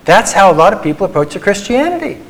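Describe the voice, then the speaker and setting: Christian psychologist addressing a group; earnest, tender delivery, slightly higher male voice. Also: big pitch swings, low-quality recording. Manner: earnest, tender, slows for emphasis. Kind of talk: faith talk to a live group.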